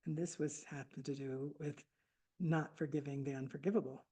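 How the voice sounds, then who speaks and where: A woman in her seventies telling a personal story at a book fair, reflective and halting with restarts. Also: low-pitched, fairly even intonation, warm tone, slightly rough. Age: 70s. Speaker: author speaking at a book fair.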